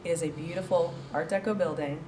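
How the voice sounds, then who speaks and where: Speaking fast in a low voice, a woman pitches her coworking space to an audience with animated, joking energy and frequent laughs. The sound is distant and reverberant, with faint noise in the room.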